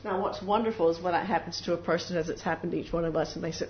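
A woman's voice: on the low side, steady tone, rapid-fire. A woman preaching a devotional sermon in an earnest way, sometimes acting out the voices of doubters and of people praying. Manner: earnest, acts out little voices of doubters and prayers. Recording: dull lo-fi recording with faint noise.

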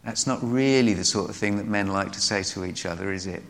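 A man's voice: on the low side, fairly quick, creaky, a bit bright, a little hiss or hum. A man giving a sermon, telling Bible stories with acted-out quotes. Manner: storytelling, acts out quoted voices. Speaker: preacher. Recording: long hall reverb.

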